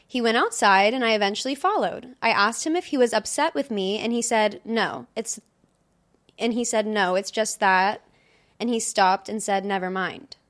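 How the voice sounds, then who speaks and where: A woman's voice: medium pitch, a bit bright. A young woman co-hosting a casual podcast, reading stories aloud in a chatty way and laughing often. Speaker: podcast co-host.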